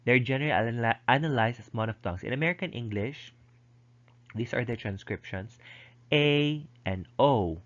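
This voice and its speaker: A man's voice: mid-range voice, moderate pace. A man lecturing and explaining step by step, with frequent ums and restarts. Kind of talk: recorded lecture. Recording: dull lo-fi recording.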